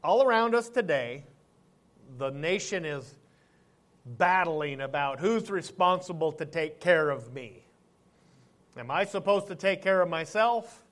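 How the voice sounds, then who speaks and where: A middle-aged pastor preaching a sermon in a fairly high male voice. He talks loosely and conversationally, asks the congregation questions, and slows down to read scripture aloud. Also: expressive, a bit bright.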